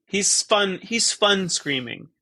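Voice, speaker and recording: Guy in his 30s chatting on a podcast, stop-start and self-deprecating, bright tone. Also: high-pitched, lively intonation, slow pace, no room sound. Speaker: podcast guest, musician. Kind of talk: casual conversation.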